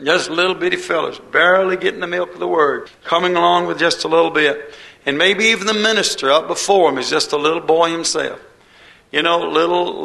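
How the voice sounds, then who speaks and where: A man's voice: on the high side, vocal fry, bright, forceful tone, rough recording. A man preaching a sermon in a folksy, homespun way, with dialect and quoted voices.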